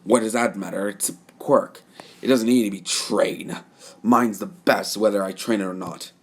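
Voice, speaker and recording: A man's voice: on the low side, steady tone, moderate pace, breathy edge. A man voicing a hot-tempered young male rival who talks angrily and bluntly in a fan story. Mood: angry. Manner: angry, blunt.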